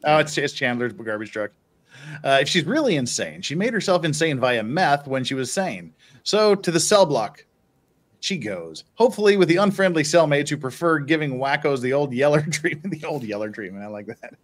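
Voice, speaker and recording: A male host with a slightly raised, very animated voice, joking his way through viewer messages. He talks casually and chuckles often, bouncing his pitch all over the place. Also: normal speed. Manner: jokey, teasing, chuckles often. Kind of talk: casual live-stream commentary.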